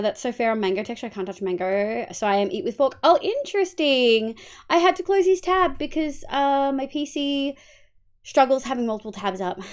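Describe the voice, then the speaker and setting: A woman's voice: a little high, clean tone. A young Australian woman streaming live, chatting casually and greeting her viewers one by one. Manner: greets chat warmly by name, swings into loud playful outbursts.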